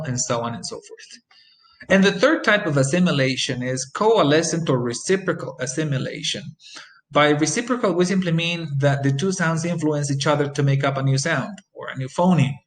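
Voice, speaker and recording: A man teaching English phonetics in a recorded lesson, explaining sound changes and repeating example phrases slowly, with frequent ums and uhs. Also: a little high, fairly bright tone, low-quality recording. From Costa Rica.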